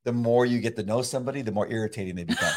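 A middle-aged man chatting casually about faith, rambling with many halting restarts and frequent laughs. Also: mid-range voice, slight background noise. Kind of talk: casual conversation.

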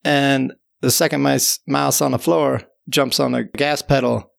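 A man's voice: medium pitch, flat delivery, unhurried, creaky. A man telling a tall tale in a loose, rambling way, often restarting and adding "you know". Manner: rambling, repeats words and fills with "you know". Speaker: storyteller. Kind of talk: casual spoken tall tale.

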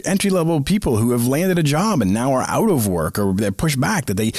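A man's voice: medium pitch, darkish tone, no room sound, clean studio sound. A middle-aged man from the Boston area hosting a casual solo podcast, chatty and prone to self-aware tangents. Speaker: podcast host.

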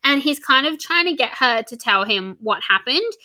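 A woman's voice: high voice, expressive, pushed and bright. A young woman in casual book chat, recapping the plot in a chatty way with lots of "like" and "um". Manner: chatty, quick recaps, frequent "like" and "um". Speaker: book discussion co-host.

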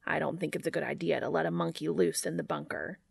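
A woman reading aloud and voicing an earnest, formal male angel who speaks in a solemn, measured way. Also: low-pitched, vocal fry, breathy edge, dry recording, studio quality, full character voice.

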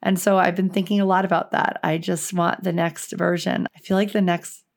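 A woman with a raspy, hoarse voice, hosting her podcast in a chatty, reflective monologue. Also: on the low side, level tone, normal speed. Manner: chatty and reflective, with frequent "like" fillers. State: hoarse, voice going. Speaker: podcast host.

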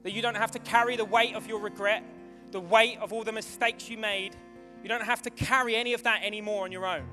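A man preaching a sermon to his church, excitable and building to fervent shouting, with a live demonstration. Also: high voice, brisk. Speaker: pastor. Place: church hall. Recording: long hall reverb with music behind.

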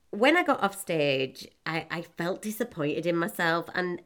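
Woman in her 40s, chatty and self-mocking, laughs a lot, slightly low voice. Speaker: motivational speaker. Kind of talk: casual personal talk to an audience.

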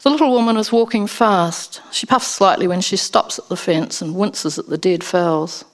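A woman narrating a first-person story as an audiobook, in an expressive storytelling manner. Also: fairly low pitch, normal speed.

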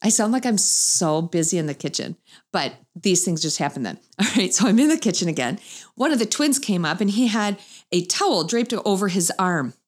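A middle-aged woman, a mother, telling a humorous family story to an audience and acting out the voices she quotes. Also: normal speed. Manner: animated, acts out quoted voices with big pitch jumps.

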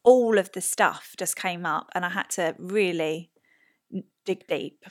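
A woman's voice: on the low side, measured pace, darkish tone. A woman in her thirties, a podcast guest, telling a personal story in casual chat and acting out the people she quotes.

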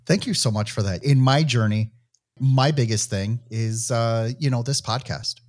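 A man's voice: mid-range voice, normal speed, dry recording, studio quality. A man with a Midwestern accent hosting an interview podcast, chatty and full of "you know" fillers. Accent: Midwestern American. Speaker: podcast host.

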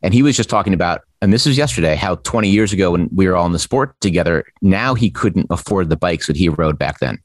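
A man's voice: low voice, animated, fast, hardly any pauses, no echo, studio quality. A man talking casually as a podcast guest, reflective and storytelling. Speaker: podcast guest, former triathlon magazine editor. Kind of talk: casual conversation.

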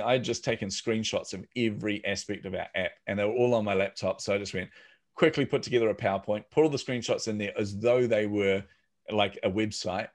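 This is a man, sitting for a podcast as a startup founder. His voice sits fairly low, and he tells his stories casually, slipping into the voices of the people he quotes. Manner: animated, acts out quoted voices. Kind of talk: casual storytelling.

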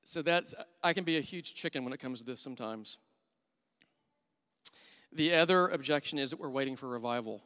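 A man's voice: mid-range voice, a little fast, pauses often, sharp tone. A middle-aged man preaching a sermon as a church elder, telling candid and self-deprecating stories. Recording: long hall reverb.

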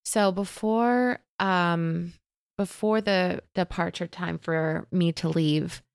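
Guest spiritual teacher, woman, low gravelly voice, close and dry, gentle and open. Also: steady tone, slow, no echo. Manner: gentle, open, storytelling with many fillers. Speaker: Akashic Records teacher, guest. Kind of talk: casual spiritual chat.

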